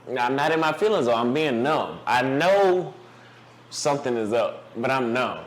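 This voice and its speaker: A man's voice: medium pitch, animated, moderate pace. A young man talking casually to camera, giving dating advice and telling a story, loose and profane, with rambling restarts.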